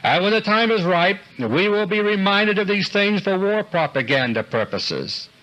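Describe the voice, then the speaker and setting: A man delivering a scripted political commentary monologue in an earnest, deliberate way, slowing down for emphasis. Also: sits high, animated, a bit bright, dull audio. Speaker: commentator delivering a recorded audio letter.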